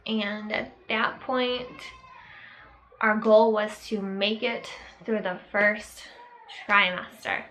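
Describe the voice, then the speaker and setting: A young woman telling a personal story to camera in a casual vlog, halting and reflective, with many fillers and pauses. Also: medium pitch, level tone, fairly bright tone, slight background noise, rough recording. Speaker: vlogger.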